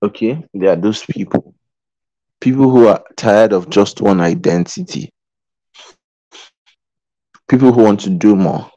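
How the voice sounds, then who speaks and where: Earnest man with a mellow, low voice. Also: a little slow, pauses often, dry recording, dull audio. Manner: earnest, pleading, repeats phrases, checks in with "okay?" and "right?". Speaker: motivational speaker. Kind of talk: live-streamed motivational talk. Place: in Qatar.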